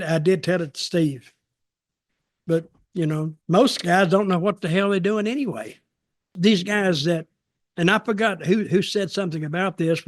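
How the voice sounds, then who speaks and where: An older man with a fairly high voice tells rambling, folksy stories in a relaxed chat. The sound is close and dry, with no room around it. He often slips into the voices of the people in his stories. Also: no echo. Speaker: storytelling show host, former wrestler. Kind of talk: casual storytelling.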